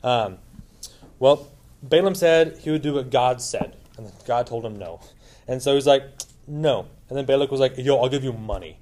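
A man's voice: mid-range voice, moderate pace, darkish tone. A man teaching a Bible lesson in a casual, informal way, retelling a story with lots of asides and questions to his listeners.

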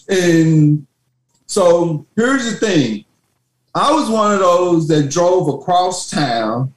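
A man guesting on a podcast as a retired football official, relaxed and joking, with halting starts. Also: a little high. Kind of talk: casual podcast chat. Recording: roomy echo.

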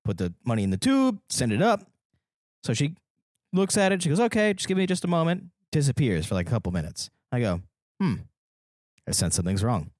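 A man's voice: medium pitch, sing-song, a little mellow, no room sound, studio quality. Laughing man recounting a story. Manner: laughs often, measured storyteller. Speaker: podcast co-host. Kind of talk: casual chat.

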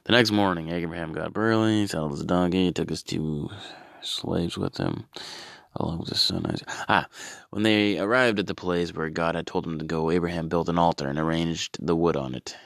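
A man performing a comedy bit, reading scripture and then his own updated versions, in a deadpan, low-key way with exasperated outbursts. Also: moderate pace, creaky, no echo, clean studio sound.

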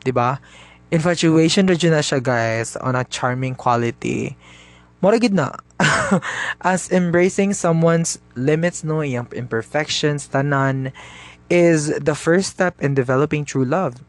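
Chatty Cebuano-accented man, slightly high voice. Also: unhurried, dry recording. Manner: chatty, mixing Cebuano into English, addresses listeners directly. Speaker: podcast host. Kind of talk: casual podcast monologue.

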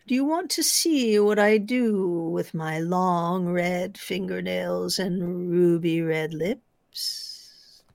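A woman's voice: on the low side, gravelly, darkish tone, no echo, studio quality. A woman voicing a hideous creature with long red fingernails in a spooky told story, drawing out its menacing questions. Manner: slow, drawn-out menacing questions.

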